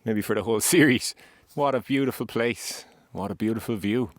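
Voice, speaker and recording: A man hosting a vlog, speaking gently and earnestly about gratitude and acceptance while out on a hike. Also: on the low side, no room sound. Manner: gentle, earnest, spiritual, unhurried with pauses. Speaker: podcast host sharing his survival story. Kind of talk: reflective spoken vlog on a hike. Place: outdoors on a hillside.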